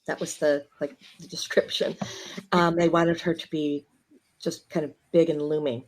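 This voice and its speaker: A woman from Chicago, a guest actress telling stories in casual chat, animated and laughing as she acts out the people she quotes. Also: sits low, moderate pace. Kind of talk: casual storytelling.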